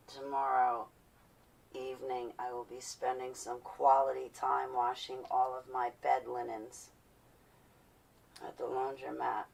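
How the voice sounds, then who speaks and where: Low gravelly lady rambling on her livestream, kinda far from the mic. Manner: chatty, rambling, animated storytelling. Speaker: livestreamer chatting with viewers. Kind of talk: casual livestream chat. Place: at home.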